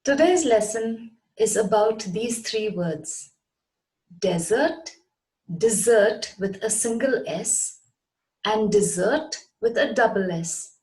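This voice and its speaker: A woman's voice: a little high, expressive, takes it slowly, a little mellow, poor audio. A woman teaching a lesson, speaking carefully and spelling words out letter by letter. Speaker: English teacher. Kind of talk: scripted English lesson.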